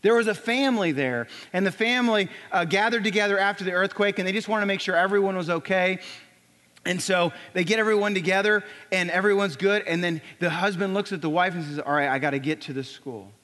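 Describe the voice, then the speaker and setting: A man preaching, telling a story dramatically and dropping to a hushed near-whisper. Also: high-pitched, brisk. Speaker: pastor. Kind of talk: sermon storytelling. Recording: long hall reverb.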